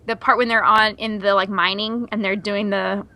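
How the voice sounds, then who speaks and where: A woman co-hosting a podcast, rambling excitedly in casual chat. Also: mid-range voice, normal speed, dry recording. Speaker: podcast co-host.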